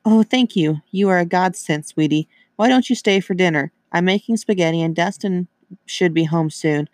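A man's voice: a little high, moderate pace, no echo, studio quality, natural voice. A man voicing an anxious, fussy middle-aged woman who dotes on her cat, gushing and pleading.

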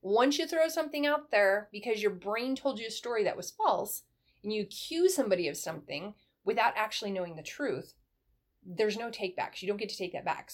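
Middle-aged woman, ex-military guest, lively conversational storyteller. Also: medium pitch. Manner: animated storyteller, acts out dialogue in a brighter voice. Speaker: guest, former military first sergeant. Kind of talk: conversational advice in an interview.

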